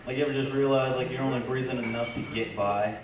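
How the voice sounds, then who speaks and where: A man's voice: mid-range voice, fairly even intonation, fast talker. A man doing loose, teasing stand-up in a bar, working the crowd. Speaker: stand-up comedian. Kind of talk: stand-up comedy set. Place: comedy bar lounge. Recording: echoey room, distant voice, crowd. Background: audience laughter.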